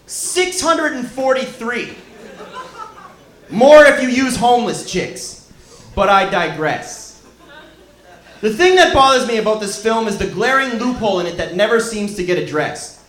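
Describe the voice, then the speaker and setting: A male stand-up comic delivering wry punchlines before he introduces the next act. His voice is very high. It echoes through a roomy club room. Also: sing-song, measured pace, pushed and bright. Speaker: comedian introducing a guest. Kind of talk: stand-up comedy. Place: comedy lounge stage, live.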